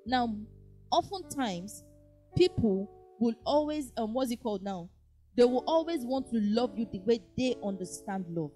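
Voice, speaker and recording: A woman preaching in a lively way, acting out little dialogues and often saying "praise God". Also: fairly high pitch, measured pace, faint music behind. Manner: animated, acts out dialogue, frequent "praise God". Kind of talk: lively sermon teaching.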